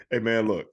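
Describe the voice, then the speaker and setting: A podcast co-host with a mid-range, slightly rough voice chats casually, laughing as he tells stories and acts out phone calls. The audio's high frequencies are cut off.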